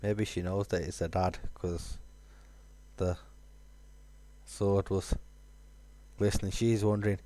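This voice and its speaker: A man's voice: sits low, level tone, slow, pauses often, warm tone, no room sound. A man, musing aloud with fillers while streaming a game. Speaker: gaming streamer. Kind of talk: casual let's-play commentary.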